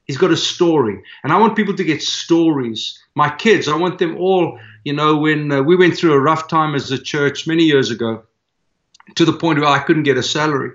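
A man's voice: on the high side, normal speed. A man, a pastor, telling personal stories in an interview, earnestly acting out the dialogue. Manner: earnest, animated storyteller who acts out quoted dialogue. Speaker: pastor and church leader. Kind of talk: conversational storytelling in an interview. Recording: dull, lo-fi sound.

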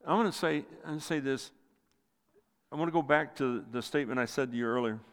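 A man's voice: quick pace, smooth. Preaching man in a reverberant hall. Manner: impassioned preaching, swells loud then drops low. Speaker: pastor. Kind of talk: sermon.

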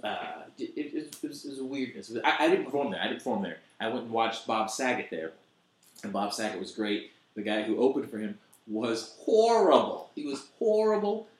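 A man hosting a podcast, telling comedy club stories in casual chat, animated and acting out quotes. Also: medium pitch, normal speed, reverberant. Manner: animated storyteller, acts out quotes.

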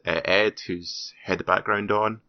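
A man's voice: fairly low pitch, fairly even intonation, a little slow. A man co-hosting a gaming podcast in a loose, rambling way, full of fillers. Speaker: podcast co-host. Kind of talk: casual podcast chat. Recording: dry, slightly muffled sound.

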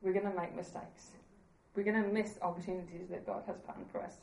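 A woman's voice: medium pitch, level tone, a little fast, vocal fry, a little mellow, reverberant, low-quality recording. A woman preaching a sermon in an earnest, conversational way, laughing at herself now and then.

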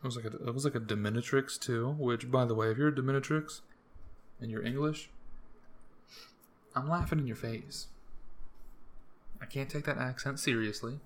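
A man's voice: mid-range voice, fairly even intonation, normal speed, long pauses. A young man hosting a solo podcast, rambling casually with crude jokes. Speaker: podcast host.

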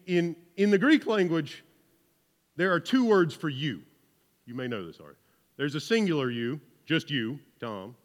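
A man's voice: fairly high pitch, fairly bright tone, big-room sound. A man with a Southern US accent preaching a sermon to a congregation, joking with them and often checking in with "right?". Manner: conversational, keeps asking "right?", jokes with the congregation. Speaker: pastor. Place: church hall with about seventy people.

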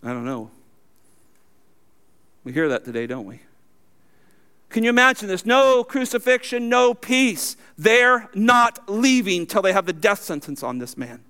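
A pastor preaching a sermon, reading scripture aloud and moving between emphatic high points and low, quiet remarks. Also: male voice, very animated, measured pace, pauses often.

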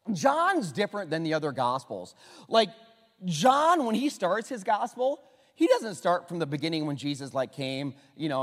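A man preaching a sermon, joking and swinging from hushed to loud, in an echoey church hall. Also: mid-range voice. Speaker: pastor.

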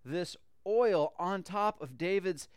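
A man retelling a Bible story in a lively, conversational way, often restarting phrases. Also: sits high, slow pace, clean tone, dry recording, clean studio sound.

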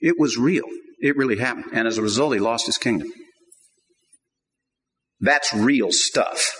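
A man's voice: medium pitch, fast, low-quality recording. Emphatic male preacher. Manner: emphatic preaching, swinging from quiet to loud. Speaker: pastor. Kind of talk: sermon.

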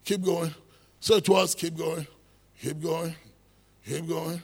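A man's voice: on the high side, steady tone, slow pace, a little mellow, breathy edge, big-room sound. A man preaching a sermon, emphatic, repeating phrases and building into exhortation.

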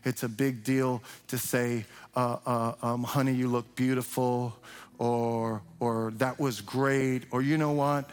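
An older man preaching a sermon in a loose, conversational way, who breaks into shrill mimicry when imitating cheering parents. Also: little pitch movement, takes it slowly, clean tone. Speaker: pastor. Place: church sanctuary.

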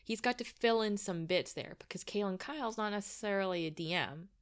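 A woman's voice: medium pitch, fairly quick. A woman co-hosting a soccer podcast, talking through rosters in a casual, analytical way with dry teasing asides. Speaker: podcast co-host.

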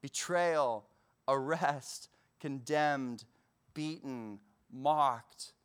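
A man preaching a sermon in a relaxed, conversational way, acting out quotes with bursts of energy. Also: medium pitch, extremely slow, clear, resonant tone. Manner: conversational, animated retelling with acted-out quotes. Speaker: pastor.

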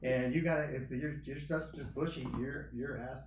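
A man's voice: mid-range voice, steady tone, moderate pace. A man chatting casually in an easygoing, agreeable way. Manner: easygoing, agreeable, laughs often. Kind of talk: casual chat. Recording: echoey room, mic at a distance, faint noise.

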